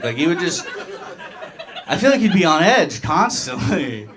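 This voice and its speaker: A man doing a stand-up comedy set in a small bar, deadpan storytelling with sudden jumps into high voices for the characters he quotes. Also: unhurried, long pauses. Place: small dive bar with a live audience. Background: crowd laughter.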